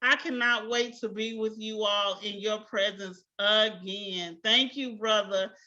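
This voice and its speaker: A woman's voice: medium pitch, steady tone, a little slow, sharp tone, dull audio. A young woman teacher closing an online class, effusive and grateful, often laughing. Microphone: video call.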